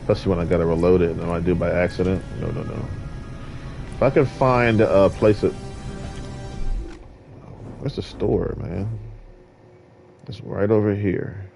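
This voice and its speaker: Man, fairly low voice, rambling gameplay commentary, preachy asides, clear game music behind. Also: fairly even intonation, normal speed, pauses often, darkish tone. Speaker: gamer.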